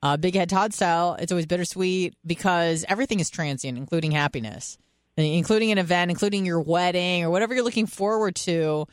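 A woman's voice: lowish voice, brisk, clear, resonant tone, no echo. Young woman radio host, casual storyteller, frank and crude, dry studio sound. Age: 20s. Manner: candid, profane, laughing storyteller.

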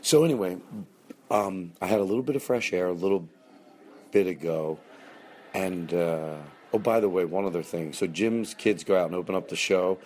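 Low-voiced guy hosting a podcast, rambly and all over the place, swears a bit. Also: normal speed, darkish tone, a little hiss or hum. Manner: rambling and self-interrupting, swears casually. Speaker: podcast host. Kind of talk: casual rambling chat.

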